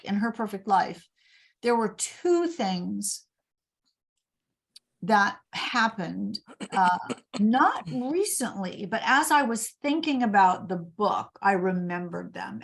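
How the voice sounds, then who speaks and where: An older woman from Indiana, speaking as an author guest in an interview. She tells her stories with energy and plays out the quoted dialogue herself. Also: medium pitch. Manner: animated storyteller, acts out quoted dialogue. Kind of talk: storytelling interview.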